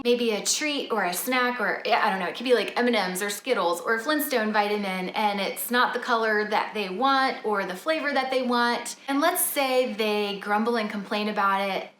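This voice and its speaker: A woman, a mother, chatting casually to camera about how she talks to her kids, earnest and measured. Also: a little high, fairly bright tone, roomy sound, a little hiss or hum. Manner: earnest and measured, explaining her parenting rules. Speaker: mother and family vlogger. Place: home kitchen table.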